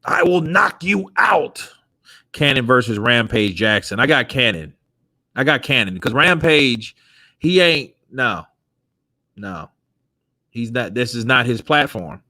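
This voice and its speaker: Animated laughing man hosting. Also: mid-range voice, a little slow, pauses often, no echo, clean studio sound. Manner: animated, laughs often, swears freely. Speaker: host. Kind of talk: casual chat.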